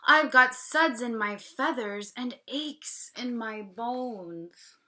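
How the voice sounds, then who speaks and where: A moaning storybook duck, sore and sudsy, with a slow, bright voice, as a woman reads her part. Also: fairly high pitch, pitched above the performer's own voice. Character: moaning achy farm duck.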